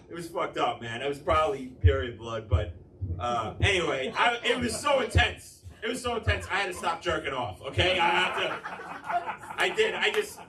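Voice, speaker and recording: A man's voice: a little high, background noise. A man doing a crude stand-up comedy set in a club, rambling loosely and acting out quotes. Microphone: handheld stage mic, recorded from the room. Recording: echoey club recording from far off.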